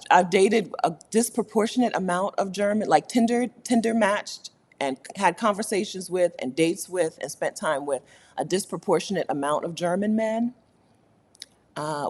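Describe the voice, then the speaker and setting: A woman's voice: fairly low pitch, darkish tone. Chatty woman laughing often. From United States. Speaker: host. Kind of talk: casual livestream chat.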